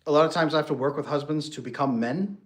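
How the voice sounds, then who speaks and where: A man coaching on marriage, talking in a lively way and breaking into playful mock voices for his examples. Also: a little high, fast. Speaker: relationship coach. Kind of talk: animated solo talk with acted-out examples.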